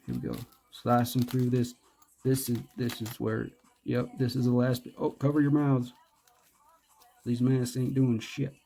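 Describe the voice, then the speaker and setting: A man's voice: mid-range voice, animated, measured pace, creaky, dark tone, a little hiss or hum. A man doing casual, rambling unboxing commentary, joking, hyping himself up and cursing. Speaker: vlogger.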